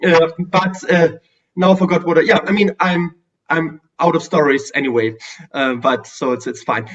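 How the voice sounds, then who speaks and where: A man's voice: on the high side, fairly even intonation, moderate pace. German-accented man on a distant call. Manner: hesitant, many fillers and restarts. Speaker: guest streamer. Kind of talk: casual video call chat. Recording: distant, dull lo-fi audio.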